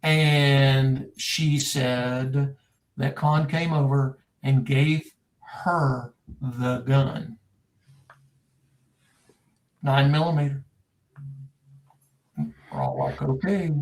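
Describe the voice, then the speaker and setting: A middle-aged man from Texas, a private investigator, telling a case story in a folksy, animated way as a podcast guest. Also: mid-range voice.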